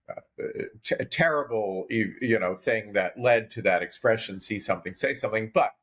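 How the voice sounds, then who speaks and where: A man co-hosting a business podcast, explaining ideas in a halting way with frequent restarts. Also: mid-range voice, a bit bright, husky. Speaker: podcast co-host.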